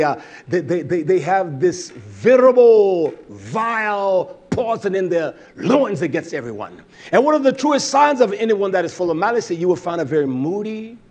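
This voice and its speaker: Male preacher, fairly high-pitched, fiery and blunt, swings between shouting and muttering. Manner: blunt, salty language. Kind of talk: sermon.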